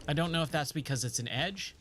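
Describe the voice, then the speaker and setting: A man's voice: on the high side, fast, fairly bright tone, slight background noise. A man streaming a video game, chatting and joking to himself and his viewers as he plays. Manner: chatty, joking, talks to himself while playing. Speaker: gaming streamer. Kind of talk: casual let's-play commentary.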